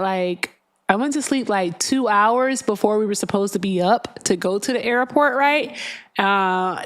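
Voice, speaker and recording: A woman hosting a casual livestream. She chats loosely and giggles while she plays and talks to her viewers. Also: mid-range voice. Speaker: livestream host. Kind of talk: casual livestream chat while playing a game. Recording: loud game music behind the voice.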